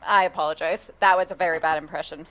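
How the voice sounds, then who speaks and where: A woman's voice: low voice, fairly even intonation, fast, fairly bright tone. Giggly swearing woman streamer. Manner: giggly, rambling, swears casually. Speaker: game streamer. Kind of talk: casual live-stream chat.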